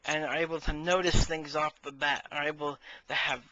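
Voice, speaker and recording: A man voicing a vain, quick-tempered male boss with no ears who shouts in outbursts. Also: on the high side, little pitch movement, dry recording, highs cut off. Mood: lecturing. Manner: shouts in outbursts, then gushes.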